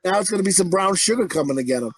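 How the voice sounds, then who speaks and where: A man's voice: high voice, very fast, no room sound. A man co-hosting a crude movie review podcast, ranting and swearing freely. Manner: profane, ranting, animated. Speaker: podcast co-host. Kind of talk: casual movie review chat.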